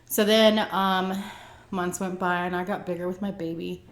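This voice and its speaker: A woman's voice: lowish voice, steady tone, moderate pace, noisy background. A woman vlogger telling a personal story in a casual, chatty way, with many "like" and "um" fillers. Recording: echoey room.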